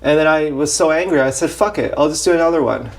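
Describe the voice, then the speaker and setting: Man, fairly high voice, blunt rambling confessional livestream monologue. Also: quick pace. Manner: repetitive, blunt, self-questioning. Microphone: action camera mic.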